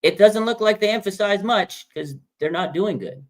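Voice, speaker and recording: A man's voice: high voice, lively intonation, normal speed. Blunt, insistent man in sports debate. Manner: blunt and insistent, addresses co-host by name. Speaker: podcast co-host.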